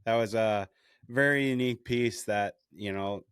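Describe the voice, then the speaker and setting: A man hosting a podcast interview, chatting casually with short, relaxed reactions. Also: lowish voice, normal speed, clear, resonant tone, dry recording, studio quality. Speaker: podcast host.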